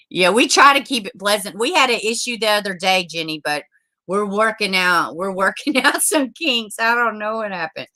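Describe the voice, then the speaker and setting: Her mid-range voice is bright, forceful and expressive, moving at a moderate pace. As host of a casual livestream, she reads out viewers' comments, swears without holding back, and welcomes people with endearments.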